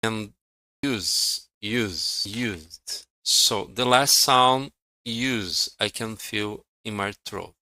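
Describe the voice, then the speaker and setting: A man from Brazil with a Brazilian Portuguese accent, teaching English pronunciation slowly and repeating words for practice. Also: fairly low pitch, pushed and bright, no echo, poor audio. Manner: slow, deliberate, repeats words for drilling. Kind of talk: online pronunciation lesson.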